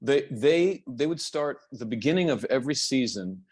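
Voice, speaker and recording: An older American actor chatting as an interview guest, animated and self-deprecating, laughing easily. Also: male voice, medium pitch, normal speed. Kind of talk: casual interview chat.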